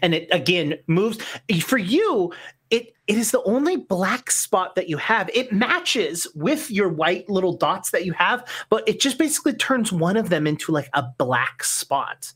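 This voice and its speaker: A game master narrating a tabletop game, often halting and restarting sentences. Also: mid-range voice, sing-song, a bit bright, husky.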